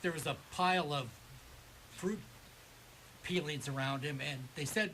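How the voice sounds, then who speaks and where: A man's voice: a little high, moderate pace, pauses often, sharp tone, a little hiss or hum, rough recording. A man who volunteers with a local baseball association, telling stories enthusiastically as a radio guest. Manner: enthusiastic storyteller. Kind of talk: casual radio chat.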